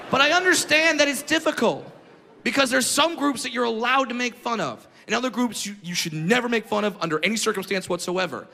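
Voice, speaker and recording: A man doing a stand-up comedy routine live, ranting loudly and often breaking into shouts. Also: very high-pitched, fairly quick, vocal fry. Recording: echoey hall with crowd noise.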